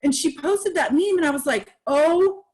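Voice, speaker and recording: Woman guest, candid and lively, slightly higher voice, chatty podcast tone. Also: brisk. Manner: candid and animated, acts out quoted reactions. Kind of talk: casual podcast conversation.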